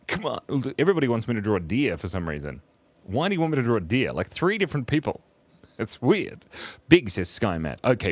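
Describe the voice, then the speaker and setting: A young man on a casual live stream, drawing while chatting playfully, reading chat messages aloud and laughing often. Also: low voice. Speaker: livestream artist drawing for chat.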